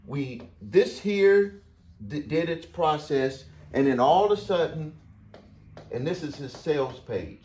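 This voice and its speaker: A man's voice: a little high, animated, takes it slowly, darkish tone. A man coaching small business owners, telling a client story casually to camera, often repeating phrases for emphasis.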